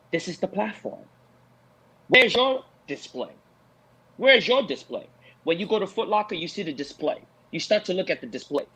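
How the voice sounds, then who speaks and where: Lively, husky man lecturing with emphasis. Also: a little high, rough recording. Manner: preachy, emphatic, repeats lines for effect, mocks with put-on voices. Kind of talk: animated post-fight talk show discussion.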